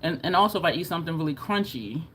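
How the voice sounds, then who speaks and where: A woman's voice: low voice, expressive, rapid-fire, fairly bright tone, slight background noise. A woman vlogging to camera in a casual, chatty way, laughing often and showing her jaw as she talks. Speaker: beauty vlogger.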